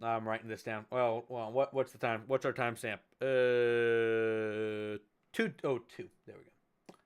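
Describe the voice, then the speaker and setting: A man calling a football game live as a streamer, excitable and shouting on big plays, with chatty asides to his viewers. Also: mid-range voice, a little slow, clean tone. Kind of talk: excited live play-by-play commentary. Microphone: headphones with mic at a desk.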